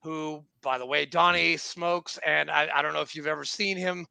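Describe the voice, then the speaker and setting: A man's voice: fairly high pitch, steady tone, moderate pace, gravelly, pushed and bright, smooth. A man hosting a podcast in casual, joking banter with a lot of swearing. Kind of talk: casual chat.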